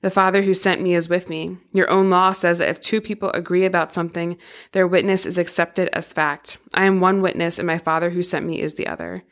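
A woman reading the lines of Jesus, a calm male teacher. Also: on the low side, brisk, natural voice. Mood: solemn. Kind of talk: scripture reading.

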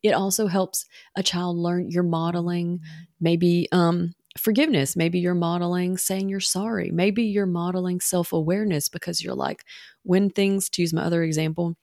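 A woman's voice: lowish voice, fairly even intonation, normal speed, darkish tone, dry recording, clean studio sound. A woman in her thirties hosting a parenting talk, chatting casually and acting out little quoted lines as she explains. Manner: conversational, self-correcting, acts out quoted lines. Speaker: parenting podcast host.

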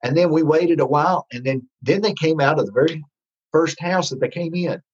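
A man recounts his testimony in a loose, halting way, stopping and restarting his sentences. His voice is husky and slightly high. The recording sounds dull and lo-fi. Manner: rambling, with many restarts and fillers. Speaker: minister telling his testimony. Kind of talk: storytelling testimony.

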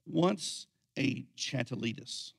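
A man's voice: medium pitch, lively intonation, takes it slowly, gravelly, slightly rough, heavily acted. A man voicing a curious, earnest kindergarten boy while telling a story in a sermon.

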